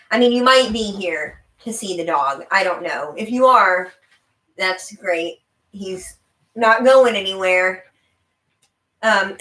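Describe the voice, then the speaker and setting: A young woman with a faint Southern lilt chats loosely to a live-stream audience, rambling and laughing easily. Her voice sits in an ordinary middle pitch. The room around her adds a noticeable echo. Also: fairly bright tone. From American South. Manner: chatty and rambling, laughing often, talking to her dog. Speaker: livestream host. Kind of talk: casual live-stream chat. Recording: roomy home recording.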